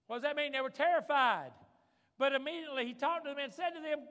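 A man's voice: very high-pitched, animated, brisk, bright, forceful tone. A man preaching a sermon as pastor, fervent, calling out for amens from the congregation. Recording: long reverb of a large hall.

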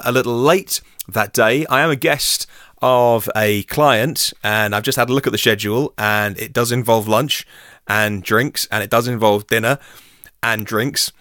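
A man's voice: medium pitch, fairly bright tone, no room sound, clean studio sound. A man hosting a solo news podcast, chatty and self-deprecating with rambling asides. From United Kingdom. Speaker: podcast host.

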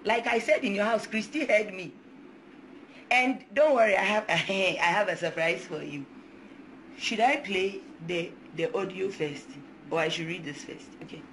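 A woman's voice: mid-range voice, normal speed, fairly bright tone, a little hiss or hum. A young Ghanaian woman in her twenties speaking out defiantly on a live video, switching between English and Twi and reading scripture aloud. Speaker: mother speaking out. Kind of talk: emotional social media live video.

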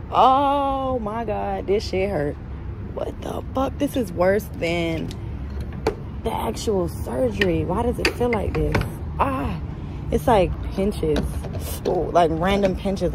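Casting: young woman, low-pitched for her age, blunt and profane, casual phone vlog with noise behind. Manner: blunt, cusses freely, groans in pain. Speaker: vlogger. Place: car, then indoors at home. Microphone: phone camera. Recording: noisy phone recording.

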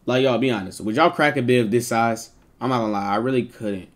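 A streamer man chatting live with his viewers, his voice sitting at an ordinary middle pitch. He jokes and banters in quick, slangy bursts, swearing freely as he asks his audience for advice. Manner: animated, joking, heavy slang and swearing.

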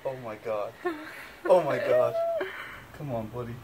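A man hosting a casual outdoor fishing vlog by a pond, excitable and laughing a lot. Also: medium pitch, a little slow, very noisy. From South Florida. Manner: excitable, laughs and yelps often. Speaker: fishing vlogger host.

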